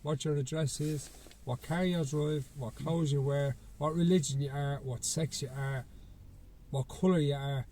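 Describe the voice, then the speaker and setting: A man hosts a casual chat, blunt and quick with short replies and swearing. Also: a little high, fairly even intonation, dark tone. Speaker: podcast host.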